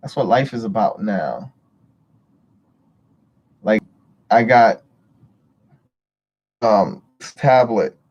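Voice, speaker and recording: Low-voiced man rambling on a livestream. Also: animated, extremely slow, pauses often, lo-fi sound. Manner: rambling, swears freely. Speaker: livestream host. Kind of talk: casual livestream chat.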